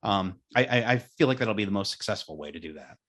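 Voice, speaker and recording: A man's voice: fairly low pitch, fast. A man on a casual pop-culture podcast, making dry jokes and joining in the banter. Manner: dry, joking, animated. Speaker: podcast panelist.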